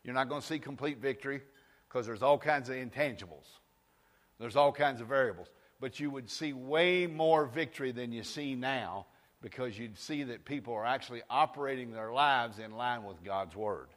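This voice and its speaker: A man's voice: medium pitch, normal speed. Preaching man in a hall. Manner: preaching with rhetorical questions, rising to shouts. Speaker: pastor. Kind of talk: sermon. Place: church sanctuary.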